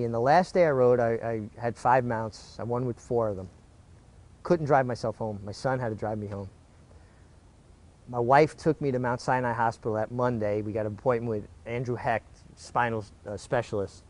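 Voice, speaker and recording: A middle-aged man speaks at an ordinary pitch, telling his story in a relaxed interview. He talks animatedly, often restarting his sentences as he goes. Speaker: former jockey, interview guest.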